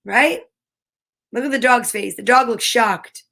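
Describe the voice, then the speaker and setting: A woman's voice: on the high side, a little slow, vocal fry, bright, forceful tone. A woman hosting a children's story time, reading picture books aloud with playful, chatty asides and animal sound imitations.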